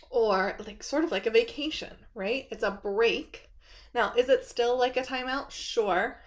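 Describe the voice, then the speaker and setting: Upbeat middle-aged woman, kindergarten teacher host, a touch high, conversational. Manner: chatty, upbeat, rhetorical questions. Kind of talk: friendly teacher talk to camera.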